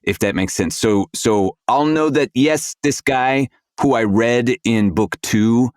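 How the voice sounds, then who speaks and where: A man who is an audiobook narrator, a guest on a roundtable podcast, telling animated, winding stories. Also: mid-range voice, slow pace, hardly any pauses, no echo, clean studio sound. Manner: animated storyteller, talks in long winding stretches. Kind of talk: casual roundtable discussion.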